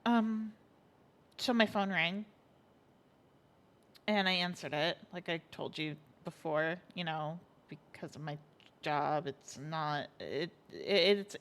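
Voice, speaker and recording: A woman playing a shaken young woman working through trauma with a therapist in a roleplay, speaking haltingly and emotionally. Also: low voice, fairly bright tone. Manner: halting, emotional, then sassy and defiant. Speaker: patient in therapy. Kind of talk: GTA roleplay stream acting.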